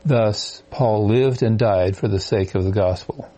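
A man in a Bible study group reading passages from a study guide and scripture in a steady voice. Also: on the low side, a little slow.

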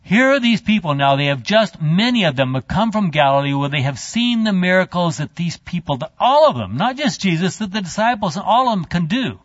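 Brief: male Bible teacher, chatty storytelling, slightly high voice, dry muffled sound. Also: no echo. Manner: animated, halting, chatty. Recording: dull lo-fi dry.

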